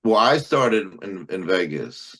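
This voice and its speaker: Low, lively man reacting briefly. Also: slow. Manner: short reactive replies. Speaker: podcast co-host. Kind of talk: casual chat.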